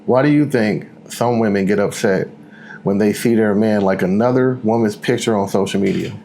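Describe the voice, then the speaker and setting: A man's voice: lowish voice, moderate pace, dark tone, a little hiss or hum. A man in his forties co-hosting a casual chat show, laid-back and repeating words as he talks. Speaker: co-host.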